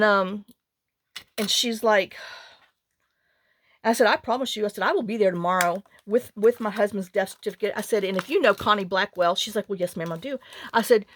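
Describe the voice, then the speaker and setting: A woman's voice: medium pitch, dry recording, clean studio sound. A middle-aged woman, chatting and rambling through a story as a craft channel host. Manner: rambling, animated, with many restarts and quoted dialogue.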